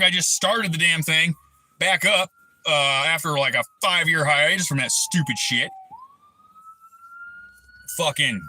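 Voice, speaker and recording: A man in his thirties hosting a livestream, ranting angrily and profanely, breaking into shouted bursts. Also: sits high, slight background noise, poor audio. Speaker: livestream host. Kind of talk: angry personal rant on a livestream.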